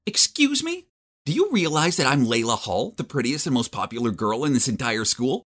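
A man's voice: mid-range voice, very animated, moderate pace, fairly bright tone, pitched above the performer's own voice. Man voicing a pushy popular teen girl. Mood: indignant.

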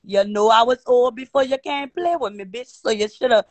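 A woman talks back in a sassy, profane stream of insults. Her voice is fairly high and close, with a dry, roomless sound. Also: normal speed, no room sound. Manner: sassy, profane, punctuates with "bitch". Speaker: caller on a live stream. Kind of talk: heated social media rant.

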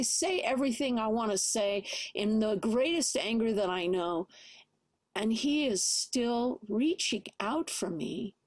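A woman's voice: a little high, no echo. Middle-aged woman telling a testimony. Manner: conversational, frequent "you know" fillers. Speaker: church speaker. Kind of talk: personal testimony.

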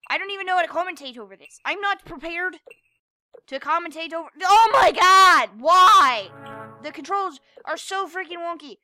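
Woman, young, gameplay commentary, frustrated and swearing, bright voice. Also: very high voice, brisk, soft background music. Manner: swearing, frustrated, yelling at the game. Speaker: gamer.

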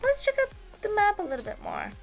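A woman giving casual, excitable gameplay commentary as host of her gaming channel, giggling and squealing with delight. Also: very high-pitched, fast, creaky, soft background music.

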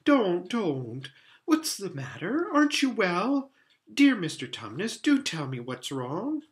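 A man's voice: high-pitched, huge pitch swings, normal speed, a bit bright, voice pushed up, full character voice. A man voicing a kind, earnest young girl in a storybook reading, pleading and anxious. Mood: distressed.

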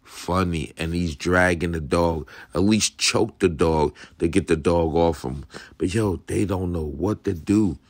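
A man's voice: sits low, unhurried, no room sound. A young man commenting bluntly and profanely on a video, in casual street slang. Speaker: dog channel host.

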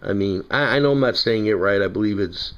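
Man, New York accent, low voice, chatty rambling knife review, dull lo-fi recording. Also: brisk, a bit bright. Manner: rambling, chatty, self-correcting. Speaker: knife collector reviewing knives. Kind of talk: casual product review.

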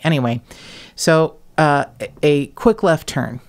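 A woman's voice: low voice, normal speed, darkish tone. Blunt, sarcastic Midwestern woman host. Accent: Midwest General American. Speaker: podcast host. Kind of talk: casual podcast chat.

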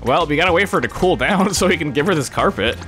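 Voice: medium pitch, expressive, fast, a bit bright, soft background music. A host giving casual, jokey commentary while playing a video game. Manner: chatty, jokey, with many fillers. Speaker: let's play host.

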